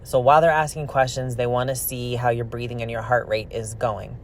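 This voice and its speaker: A man casually narrating a true crime story with an opinionated, animated delivery while he opens trading cards. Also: medium pitch, fairly quick, slight background noise. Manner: chatty, opinionated, animated retelling. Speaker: card-opening vlogger telling a true crime story.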